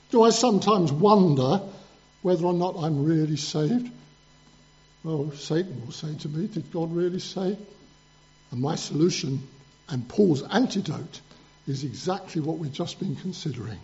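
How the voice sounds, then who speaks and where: Earnest preacher with a high, mellow voice. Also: male voice, lo-fi sound. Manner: earnest, emphatic, building up lists. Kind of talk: sermon.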